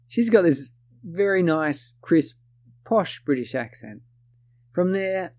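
A man's voice: mid-range voice, a little mellow, dry recording, clean studio sound. A man narrating a story in the first person, casual and wry, often correcting himself mid-sentence.

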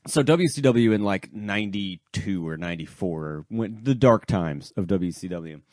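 A man co-hosting a casual wrestling podcast, animated and loose, swearing and trailing off into asides. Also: deep voice, normal speed, no room sound, studio quality. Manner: animated, swearing, jumps between loud and mumbled asides. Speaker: podcast co-host.

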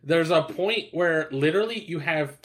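A man's voice: on the high side, moderate pace, fairly bright tone. A young man in casual podcast chat, laid-back and swearing often, with lots of fillers and restarts. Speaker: podcast co-host.

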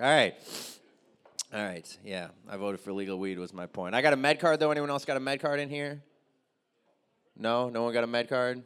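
Crude rambling stand-up comic man. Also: medium pitch. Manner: loose, crude, rambling, chatty with the crowd. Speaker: stand-up comedian. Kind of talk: stand-up set with crowd work.

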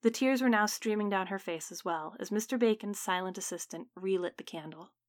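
A woman's voice: mid-range voice, a little fast, no echo, clean studio sound. Woman narrating a gothic story. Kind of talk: audiobook narration.

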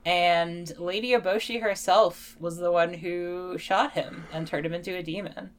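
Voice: medium pitch, fairly even intonation, a little slow. A podcast co-host in casual chat, adding dry quips and short reactions.

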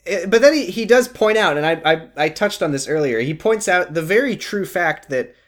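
A man co-hosting a casual podcast, recapping a TV show with profane, animated rants. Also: high voice, a little fast. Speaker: podcast co-host.

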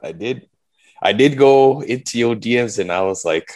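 A man guest on a podcast, chatting about basketball in a measured, laid-back way. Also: mid-range voice, lively intonation, a little mellow. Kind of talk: casual sports chat.

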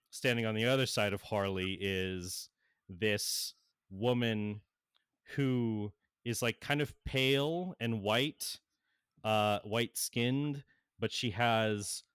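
A young man narrating a tabletop game over an online call, hesitant and rambling, with plenty of ums. His voice is low and unhurried. The sound is dry and close to the mic. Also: a bit bright, smooth, dry recording. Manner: rambling, hesitant, many fillers. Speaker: game master.

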